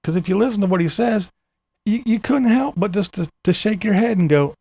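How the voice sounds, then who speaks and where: A man's voice: high voice, brisk, mellow, no echo. A man hosting his own channel, delivering a profane, exasperated rant straight to his viewers. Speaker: channel host. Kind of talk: ranting vlog monologue.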